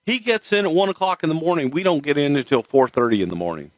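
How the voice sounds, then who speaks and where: A man's voice: on the high side, fast talker, dry recording. A man telling stories casually, with lots of swearing. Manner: profane, animated storytelling. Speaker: guest storyteller. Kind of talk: casual storytelling.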